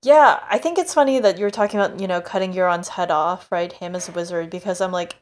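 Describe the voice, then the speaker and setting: A woman's voice: lowish voice, fast. A woman hosting a podcast in easygoing, self-deprecating casual chat. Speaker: podcast host.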